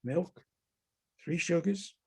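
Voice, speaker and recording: A man reading his own fiction aloud over a video call as a halting, musing first-person character monologue. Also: a little high, dark tone, husky. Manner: halting, musing, talks to animals and people in the scene.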